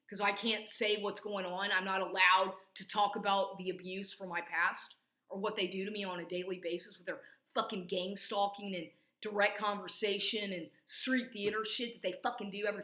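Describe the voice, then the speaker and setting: A woman's voice: mid-range voice, fairly bright tone, reverberant. A woman venting in an angry, rambling personal rant, swearing constantly. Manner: profane, rambling, agitated. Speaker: vlogger.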